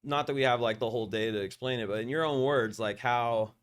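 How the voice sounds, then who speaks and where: A man hosting a podcast, telling a long story in a rambling, profane, animated way. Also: mid-range voice, brisk, clean tone. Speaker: podcast host. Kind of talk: casual storytelling interview.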